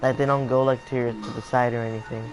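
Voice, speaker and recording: A man co-hosting a casual game review, steering the topics and giving measured opinions. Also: mid-range voice, level tone, soft background music, rough recording. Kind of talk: casual chat.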